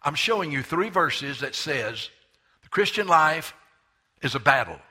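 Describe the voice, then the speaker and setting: Pastor, man, 70s; fairly high, forceful, emphatic sermon delivery. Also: big pitch swings, husky. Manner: emphatic preaching, slows and stresses scripture readings.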